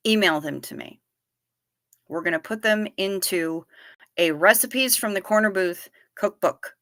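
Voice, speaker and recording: A woman hosts a relaxed livestream, reading chat aloud and firing back blunt, salty replies. Her voice is bright and punchy. The sound is dry and close, with no room echo. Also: mid-range voice. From United States. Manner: blunt, salty, quick to tease. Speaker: livestream host.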